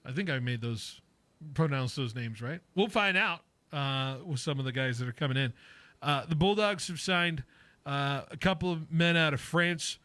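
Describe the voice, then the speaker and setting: A male sports radio host with a bright, fairly high voice, talking in a loose, rambling way full of fillers and restarts. He jokes with his co-host, and the dry studio sound keeps his voice close and clear. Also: normal speed, no room sound. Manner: rambling, lots of fillers and self-corrections. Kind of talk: casual sports talk radio.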